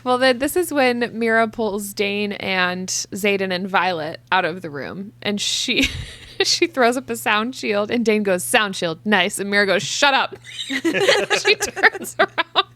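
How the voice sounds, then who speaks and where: A woman's voice: mid-range voice, lively intonation, a little slow, a bit bright. A woman co-hosting a book club podcast, telling playful stories with frequent giggles. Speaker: podcast co-host. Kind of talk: casual book club chat.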